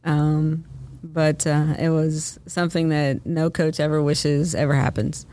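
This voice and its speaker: A woman hosting a podcast interview, asking questions gently with a lot of hesitant "uh" and "um". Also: deep voice, flat delivery, a little slow. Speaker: podcast host. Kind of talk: casual interview.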